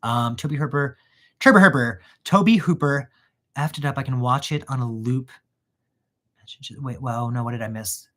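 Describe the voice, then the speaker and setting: A man's voice: mid-range voice, normal speed. Man ranting animatedly about movies. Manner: animated, ranting, goes off on tangents. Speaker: channel host. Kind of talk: casual chat while gift wrapping.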